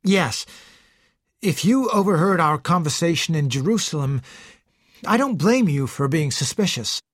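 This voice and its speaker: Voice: mid-range voice, animated, measured pace, no room sound, clean studio sound. A reader voicing a shaken young man who stammers and pleads, in an audiobook. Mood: earnest, pleading. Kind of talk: audiobook character reading.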